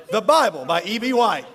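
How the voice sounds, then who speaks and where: Middle-aged youth pastor, high voice, laughs through rambling funny stories, boomy hall. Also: male voice, a bit bright. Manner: jokey, rambling storyteller who laughs often. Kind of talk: humorous talk to a live youth audience. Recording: long reverb of a large hall.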